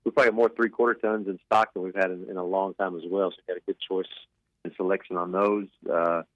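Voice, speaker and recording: Car dealer guest, lowish voice, dry sound, keen sales talk. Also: male voice, level tone, fast, no echo, dull audio. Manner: enthusiastic, filler-heavy, repeats himself. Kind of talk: sales pitch on radio.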